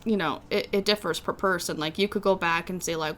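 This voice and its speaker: Bright-voiced young woman, rambling chat. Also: fairly low pitch, fairly even intonation, a little fast, slight background noise. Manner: rambling, filler-heavy, teasing. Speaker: podcast co-host. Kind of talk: casual chat.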